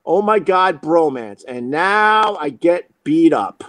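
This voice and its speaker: A middle-aged man hosting a talk show, telling a story in a casual, animated, profane way and acting out other people's lines. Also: fairly high pitch, takes it slowly.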